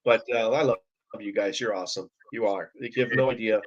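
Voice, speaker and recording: A man's voice: lowish voice, fairly quick. A man from Canada joining a casual chat as a guest over a video call, easygoing and friendly toward viewers. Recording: dull lo-fi video call audio.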